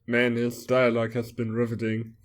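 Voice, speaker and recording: Deadpan sarcastic man. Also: mid-range voice, moderate pace. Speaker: co-host. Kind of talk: casual comedic riffing.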